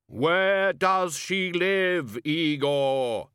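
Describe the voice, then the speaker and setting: Clipped, urgent young woman, as a male reader puts her on. Raised pitch, dry read. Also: lively intonation, extremely slow, a bit bright, clean tone, dry recording, heavily acted.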